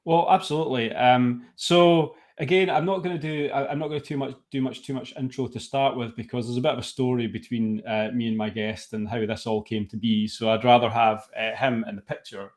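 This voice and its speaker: A middle-aged man hosts a podcast from his home in an easygoing, chatty way. His voice sits at an ordinary middle pitch, and he rambles a little with loose restarts. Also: steady tone, a little fast, few pauses, darkish tone. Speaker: podcast host. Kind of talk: casual podcast chat.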